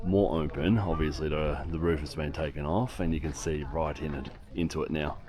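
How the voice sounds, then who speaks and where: A man's voice: a bass voice, fairly even intonation, moderate pace, crowd noise. A man giving an enthusiastic walking-tour vlog outdoors at an archaeological site. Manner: enthusiastic, exclaims often. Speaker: travel vlogger.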